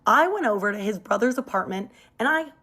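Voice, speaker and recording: A woman's voice: a little high, animated, fairly quick, sharp tone. A young woman telling a dramatic personal story in a chatty, casual storytime style, leaning hard on emphasis.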